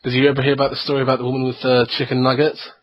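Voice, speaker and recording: A man's voice: medium pitch, completely flat delivery, racing, no room sound, lo-fi sound. A young man co-hosting a casual podcast, a rambling storyteller who swears freely. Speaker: podcast co-host.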